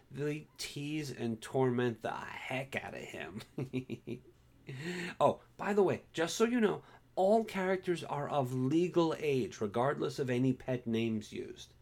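A man reading his own story aloud, relaxed and wry. His voice sits at an average pitch and he talks in a chatty, easy way. He moves from friendly patter into steady narration. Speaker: self-published author reading his story. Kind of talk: casual intro, then story narration.

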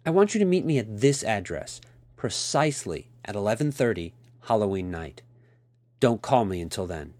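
A man's voice: on the low side, sing-song, moderate pace, darkish tone, no room sound. A man voicing a cool, stern and commanding woman as he reads a story aloud, giving clipped orders. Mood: cold.

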